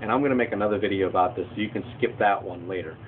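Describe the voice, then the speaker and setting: A man's voice: fairly low pitch, racing, phone-quality sound, slight background noise. A man teaching casually to camera, opinionated and prone to rambling rants, gesturing with his hands as he talks. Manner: talks with hand movements. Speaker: Christian video host.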